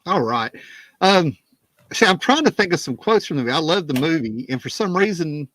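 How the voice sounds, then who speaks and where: A man's voice: on the high side, very animated, a little fast, a bit bright, no echo. A man co-hosting a casual movie talk stream, eager and chatty, talking into a streaming call mic. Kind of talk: casual chat.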